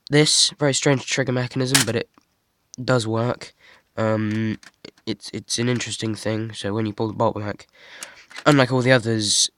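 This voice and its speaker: A man's voice: fairly low pitch, steady tone, normal speed, fairly bright tone, a little hiss or hum. Stuffy-nosed guy with a cold. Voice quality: husky. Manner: rambling, many ums, self-deprecating asides. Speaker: hobby builder showing his model. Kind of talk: casual show-and-tell.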